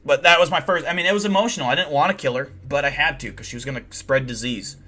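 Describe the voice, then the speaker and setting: A young man hosting a livestream, telling deadpan, boastful tall tales in a rambling way full of fillers. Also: a little high, quick pace. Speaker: livestream host. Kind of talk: comedic in-character livestream storytelling.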